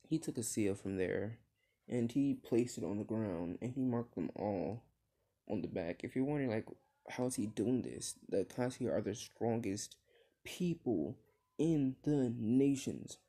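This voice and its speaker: Slow, mellow-voiced rambling male storyteller. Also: mid-range voice, animated. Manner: rambling, many fillers and restarts, swears at slips. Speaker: fan-fiction storyteller. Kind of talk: casual storytelling.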